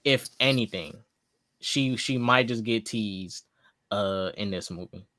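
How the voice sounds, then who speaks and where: Casual male co-host, bright voice, dry close mic, loose and joking. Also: fairly low pitch, takes it slowly, dry recording. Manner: rambling, joking, loose and laid-back. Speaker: co-host of a fan reaction show. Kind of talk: casual chat.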